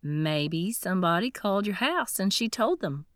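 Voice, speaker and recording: A woman's voice: mid-range voice, expressive, moderate pace, dry recording, studio quality, natural voice. Woman doing a snappish, demanding woman. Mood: pushy. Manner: curt and demanding. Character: pushy, sharp-tongued woman demanding land.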